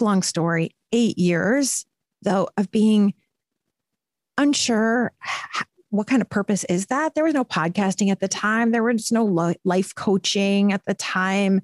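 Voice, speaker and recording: A woman's voice: medium pitch, dry recording. Earnest storytelling woman, dry close mic. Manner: animated, earnest, quick bursts. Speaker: podcast guest, purpose coach. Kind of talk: conversational storytelling.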